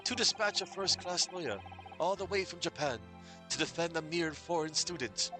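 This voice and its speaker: A man voicing an excitable, paranoid male scholar in a game, given to dramatic, alliterative outbursts. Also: on the high side, moderate pace, lightly acted. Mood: overjoyed. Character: excitable anxious Japanese male scholar prisoner. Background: game music.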